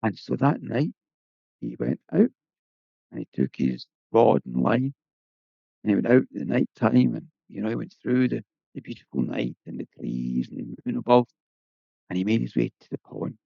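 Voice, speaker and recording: A man tells a folk tale in a relaxed, conversational way. His voice is deeply gravelly and husky, rising and falling in a lively sing-song. The sound is dull and dry, close to the mic. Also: normal speed, no room sound. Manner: lilting, conversational, folksy asides. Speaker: storyteller. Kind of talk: oral folk-tale telling.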